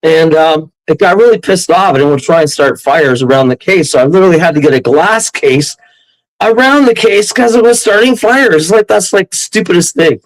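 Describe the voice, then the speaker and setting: A Canadian man telling a wild story as an interview guest, rambling and excitable, often breaking into laughs. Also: on the high side, normal speed, low-quality recording.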